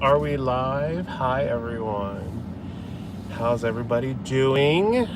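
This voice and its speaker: A man's voice: medium pitch, animated, takes it slowly. A man hosting a casual livestream from his car at night, rambling and flustered, hot and out of breath after running. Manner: rambling, flustered and chatty, greets viewers. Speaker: livestream host. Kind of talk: casual livestream chat while driving. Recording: distant mic with loud road noise. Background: car and traffic noise.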